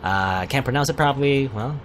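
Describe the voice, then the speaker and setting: A man's voice: mid-range voice, normal speed, faint music behind. A man hosting a let's play, reading a visual novel aloud and rambling through his thoughts with many fillers and asides. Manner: puts on a mock posh British voice for quips.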